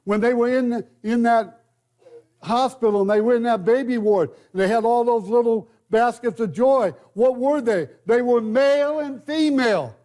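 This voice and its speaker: A man's voice: very high-pitched, moderate pace, a little mellow. An older man preaching a sermon in a church, in a conversational way, putting questions to the congregation.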